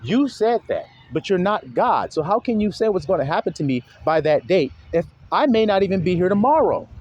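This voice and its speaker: A man's voice: sits high, sing-song, a little fast, darkish tone, muffled recording. A man preaching in a casual, blunt monologue, emphatic and profane, often mimicking other people's voices.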